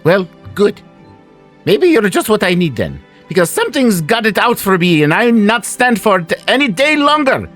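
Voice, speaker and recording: Man voicing a feisty pint-sized cottage woman, high and shrill, tabletop game. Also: very animated, normal speed, a bit bright, soft background music. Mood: indignant. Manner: shrill, scolding, defiant. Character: feisty small woman cottager, indignant, scolding.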